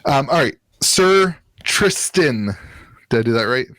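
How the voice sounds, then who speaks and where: A man's voice: mid-range voice, steady tone, rapid-fire, a bit bright, dry recording. A man from Ohio co-hosting a casual card game podcast, rambling with lots of fillers and jokes. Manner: rambling, filler-heavy, jokey. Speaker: podcast co-host. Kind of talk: casual chat about trading card games.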